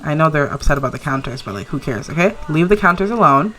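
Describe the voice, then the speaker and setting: A woman's voice: deep voice, fast, sharp tone. A young woman narrating her life-sim gameplay in a chatty, giggly way, cheering on her character. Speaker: let's play narrator. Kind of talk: casual gameplay commentary.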